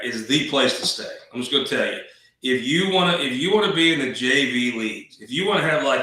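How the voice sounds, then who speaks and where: A man's voice: fairly high pitch, sharp tone, very echoey, recorded from a distance, rough recording. A man hosting a political talk show, rambling in a folksy, wisecracking way. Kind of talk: casual political commentary.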